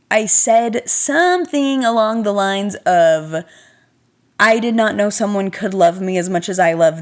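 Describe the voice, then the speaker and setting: A young woman talks straight to her viewers in a casual vlog, telling a personal story. She is chatty and animated, pokes fun at herself, and calls her audience "y'all." Her voice sits at an ordinary middle pitch for a woman. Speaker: vlogger.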